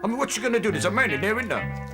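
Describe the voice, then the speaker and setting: A man doing a high, whining nervous sidekick. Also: big pitch swings, racing, over music. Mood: pleading. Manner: high, pleading, whiny. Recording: 1970s TV studio with audience.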